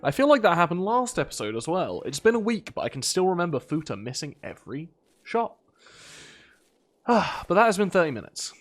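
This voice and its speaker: A man's voice: high voice, big pitch swings, moderate pace. A British man casually commentating a colony game, rambling about side topics and scolding his characters in exasperation. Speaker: gaming video host. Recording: faint game music behind.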